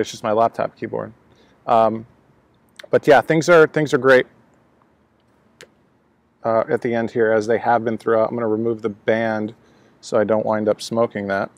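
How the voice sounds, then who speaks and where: A man's voice: mid-range voice, creaky, dry recording. Rambling man reviewing a cigar. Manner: rambling, many fillers and restarts. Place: outdoors at a laptop, breezy day.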